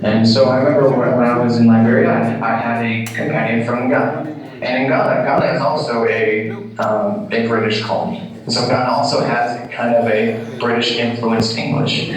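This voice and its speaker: A man who is a missionary, talking in a relaxed, conversational way. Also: medium pitch, moderate pace. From United States. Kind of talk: casual recorded talk. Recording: echoey room from far off with crowd.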